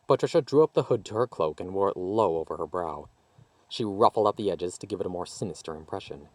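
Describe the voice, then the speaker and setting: A man reading his own fantasy story aloud with expressive narration. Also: low voice.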